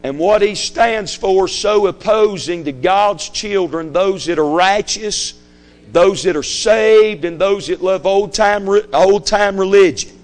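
A man's voice: high voice, slow pace. A man preaching a fiery sermon, emphatic and repetitive, hammering his points home. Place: church sanctuary.

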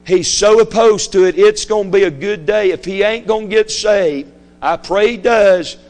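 A man's voice: sits high, moderate pace, a little mellow. A man preaching a fiery sermon, emphatic and repetitive, hammering his points home. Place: church sanctuary.

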